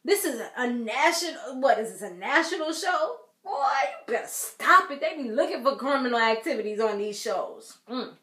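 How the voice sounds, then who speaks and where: A chatty woman talks through a reality show recap in a casual, slangy way and laughs often. Her voice sits a little high. The sound is echoey, as if from a bare room. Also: animated, normal speed, hardly any pauses, a bit bright.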